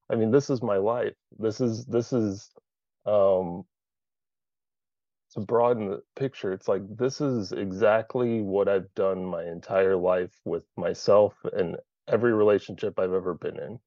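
Man in a support group, low voice, candid and profane, sharing over a dull dry video call line. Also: fairly even intonation, normal speed, a little mellow, dry recording. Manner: candid, swears freely, searching aloud.

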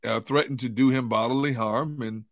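A man co-hosting a sports talk show, relaxed and casual, with hesitant fillers. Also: mid-range voice, moderate pace, no echo. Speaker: co-host.

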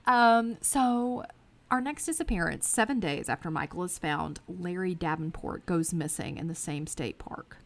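A woman's voice: fairly low pitch, moderate pace, vocal fry. A woman co-hosting a casual true-crime podcast chat, telling the case in a sarcastic, storytelling way and swearing casually. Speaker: podcast co-host.

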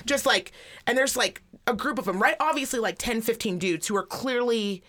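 A woman's voice: on the high side, moderate pace, a bit bright. A woman co-hosting a podcast in casual chat, telling stories bluntly and swearing freely. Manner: blunt, profane, storytelling. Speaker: podcast co-host.

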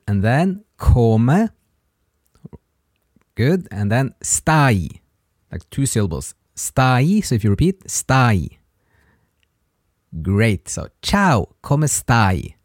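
A man hosts a language podcast, patiently teaching basic Italian greetings in a slow lesson. He speaks slowly and patiently, with lively pitch when modeling words. The recording is dry and studio quality.

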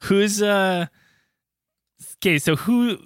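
A man's voice: sits high, slow pace, clear, resonant tone, no echo, studio quality. A man co-hosting a podcast, drunk, reacting and swearing a lot in casual chat. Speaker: podcast co-host.

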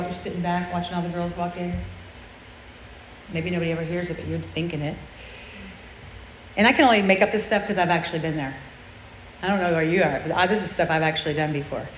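A woman's voice: lowish voice, fairly even intonation, brisk, slight background noise. Woman preaching to teen girls, earnest and chatty, asks lots of "right?", sounds kinda muffled in a big echoey room. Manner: earnest, confessional, conversational, with tag questions. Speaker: speaker at a girls' church event. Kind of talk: sermon. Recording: roomy, muffled sound with faint ambience.

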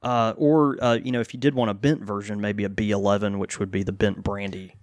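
A man co-hosting a casual podcast chat, relaxed and full of fillers and restarts. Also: on the low side, fairly quick, dry recording, studio quality. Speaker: pipe shop co-host.

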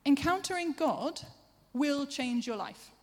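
A woman preacher giving a sermon, chatty and self-deprecating, with quick asides to the congregation. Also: high voice, animated. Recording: long hall reverb.

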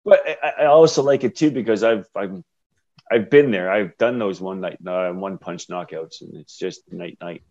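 A man's voice: fairly low pitch, normal speed, darkish tone. A man hosts a loose sports podcast chat, laughing often and swearing with brash delight. The sound is a bit dull and lo-fi. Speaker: podcast host.

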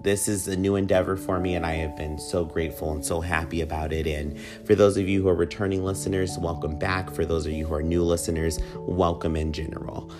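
A man's voice: low-pitched, flat delivery, fairly quick, hardly any pauses, over music. A man hosting his own podcast, chatty and campy, with a playful, slightly whiny way of talking. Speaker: podcast host. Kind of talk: solo podcast talk with a read ad.

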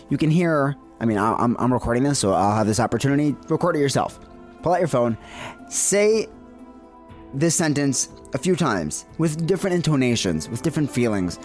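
A man's voice: on the high side, darkish tone. Earnest man teaching counseling skills. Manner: earnest, emphatic teaching with pauses and fillers. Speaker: counseling instructor. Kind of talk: instructional podcast talk.

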